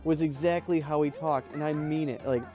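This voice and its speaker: A man's voice: on the high side, steady tone, normal speed, warm tone. A young man giving casual commentary over a game, rambling, swearing and yelping at what happens on screen. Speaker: gameplay commentator. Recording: faint music under the voice.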